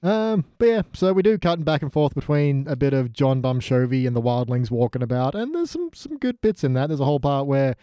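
A man's voice: mid-range voice, animated, brisk, hardly any pauses, dark tone, no echo, studio quality. A man co-hosting a podcast in casual chat, joking around and slipping into silly voices. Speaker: podcast co-host.

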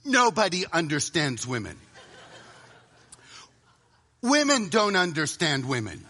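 Animated, bright-voiced male preacher. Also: fairly high pitch, takes it slowly. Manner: dramatic, drops to a hushed voice for emphasis, acts out inner voices. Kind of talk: sermon.

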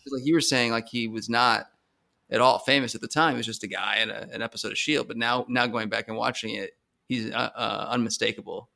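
A man co-hosting a podcast, chatting casually about TV shows with animated restarts and stumbles. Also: mid-range voice, a little fast, gravelly. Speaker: podcast co-host.

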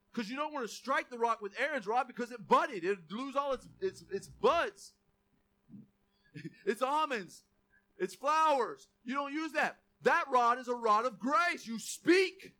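A man preaching a sermon as pastor, animated and joking, reading scripture aloud and shouting some quoted lines. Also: very high voice. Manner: animated, jokey asides, reads scripture aloud.

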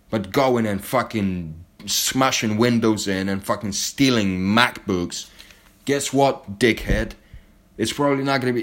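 A man delivering an angry, heavily profane monologue straight to camera, blunt and heated. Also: on the low side.

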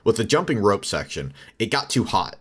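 A man's voice: lowish voice, big pitch swings, a little fast, slightly rough. A man co-hosting a casual podcast, rambling and laid-back, swearing and laughing often. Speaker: podcast co-host.

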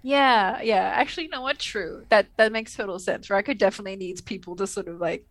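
A woman's voice: medium pitch, brisk, fairly bright tone. A woman co-hosting a podcast, chatting casually and rambling with lots of fillers and laughs. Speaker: podcast co-host. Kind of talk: casual chat.

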